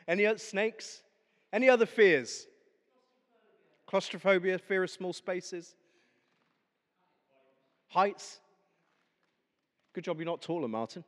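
Chatty preacher, echoey hall. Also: male voice, high voice, slow pace, long pauses. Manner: chatty, humorous, storytelling. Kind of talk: sermon.

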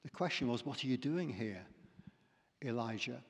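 A male preacher voicing God with a low, hushed, calm and questioning voice. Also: moderate pace, slightly rough. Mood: solemn. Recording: long reverb in a church hall.

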